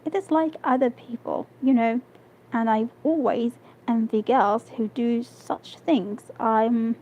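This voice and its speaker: A woman's voice: fairly high pitch, steady tone, takes it slowly, warm tone. A woman reading the part of a discontented young woman who longs for luxury, hesitant and restarting words. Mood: complaining. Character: young woman sighing over her poverty. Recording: dull lo-fi stream audio.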